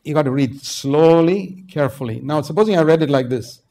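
An older man from India preaching a sermon, swinging from low asides to loud, emphatic exhortation. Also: brisk.

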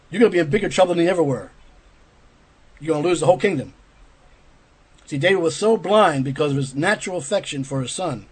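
A man's voice: on the high side, darkish tone, slightly rough, rough recording. A man preaching a sermon, earnestly explaining a scripture story with rhetorical asides to his listeners.

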